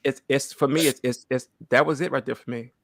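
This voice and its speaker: A man's voice: medium pitch, fairly even intonation, a little fast, gravelly, dry recording. A man in his thirties giving an emotional church testimony, earnest and close to tears, often asking "right?". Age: 30s. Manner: earnest, repeats phrases, asks "right?" often. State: holding back tears.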